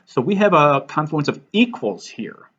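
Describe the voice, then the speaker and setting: A man's voice: a little high, sing-song, moderate pace, fairly bright tone, highs cut off. A man hosting a writing lesson over slides, casual and self-deprecating. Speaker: writing teacher and host.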